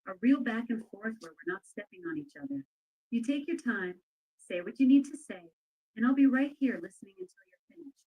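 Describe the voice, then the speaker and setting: A synthetic woman's voice, pitched a little high, answers as a voice assistant. Her replies are polite, agreeable and steady. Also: brisk, slightly rough, rough recording.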